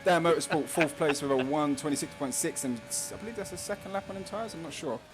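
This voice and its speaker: A man's voice: on the high side, quick pace, soft background music. A man with a London Cockney accent hosting casual live race commentary, joking and reading out chat messages between laps. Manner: chatty, jokey, reads out chat messages. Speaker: race commentator and stream host.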